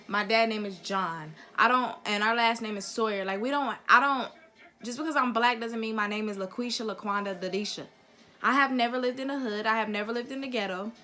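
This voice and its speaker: A woman's voice: on the high side, fairly quick, bright, forceful tone. A young woman vlogger giving a heated, profane opinion rant straight to camera, blunt and emphatic.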